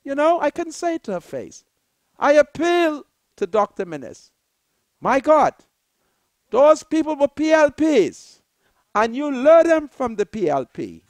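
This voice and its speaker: A Bahamian woman hosting a political talk show, giving an impassioned monologue in a preacherly way that rises to shouted appeals. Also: sits high, big pitch swings, a little slow, long pauses, no echo. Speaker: political commentator, show host.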